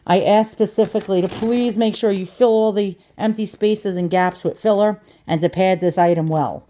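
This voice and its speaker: A woman's voice: mid-range voice, steady tone, normal speed, dark tone. A woman vlogger chatting casually through an antique unboxing, rambling and self-deprecating with lots of restarts.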